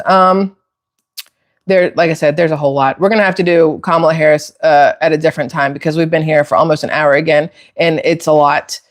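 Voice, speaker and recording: A woman hosting a casual opinion talk for viewers, heated and emphatic, climbing into outraged near-shouts. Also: low voice. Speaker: political commentary host.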